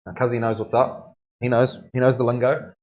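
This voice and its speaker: A relaxed man talks casually while he works on a tattoo, trading jokes in an easygoing way and trailing off into mumbles when he focuses. His voice sits at an ordinary middle pitch for a man. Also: brisk. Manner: easygoing, joking, half-mumbled while concentrating. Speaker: tattoo artist streaming. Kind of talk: casual chat while working. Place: tattoo studio.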